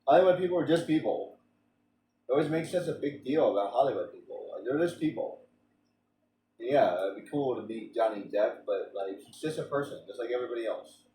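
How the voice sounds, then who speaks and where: A man's voice: medium pitch, lively intonation, fairly quick, warm tone, echoey room, distant mic, slight background noise, low-quality recording. A man streaming a game, chatting in a rambling way with frequent restarts and stammers. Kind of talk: casual rambling chat during a game stream.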